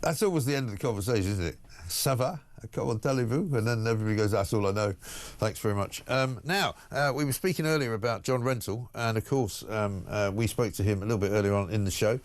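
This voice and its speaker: Man, talk radio host, rapid delivery, combative. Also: mid-range voice. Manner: brisk, combative, interrupting.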